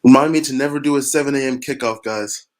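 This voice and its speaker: A man's voice: medium pitch, fast. A man calling in to a football fan show, exasperated and theatrical about his team.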